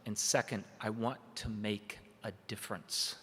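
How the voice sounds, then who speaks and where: A man giving a dramatic personal storytelling speech at a training event. He tells it vividly, swinging between urgent, loud passages and hushed, slow ones. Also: lowish voice, fairly even intonation, slight background noise. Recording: echoey hall with long reverb.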